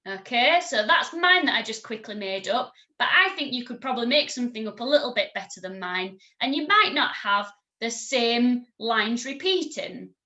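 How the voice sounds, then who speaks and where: Bright, lively woman teaching music. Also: fairly high pitch. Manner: encouraging, slow and clear, sings and chants examples. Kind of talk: recorded online music lesson for children.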